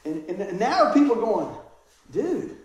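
A man preaching a lively, joking sermon and acting out voices. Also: sits high, brisk. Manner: animated, joking, acts out voices. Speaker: pastor. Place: church hall. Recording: echoey church room, distant mic.

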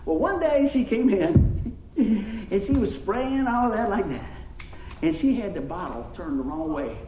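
A man preaching a sermon, folksy and animated, telling stories and acting out voices. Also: high voice, a little slow, roomy sound, background noise. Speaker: pastor. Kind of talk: sermon with storytelling.

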